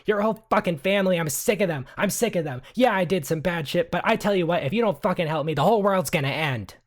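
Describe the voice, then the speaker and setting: A man voicing a short, red-haired young woman who shouts and swears in fury. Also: sits high, expressive, fast talker, pitched above the performer's own voice. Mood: enraged.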